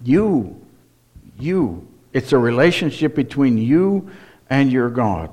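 A man's voice: mid-range voice, big pitch swings, takes it slowly, a little mellow. A man preaching a sermon, earnest and emphatic, often asking the congregation direct questions. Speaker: pastor.

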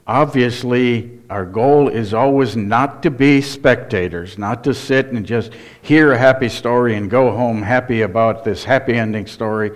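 A man, a pastor, preaching a sermon in a slow, deliberate way with strong emphasis. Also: medium pitch.

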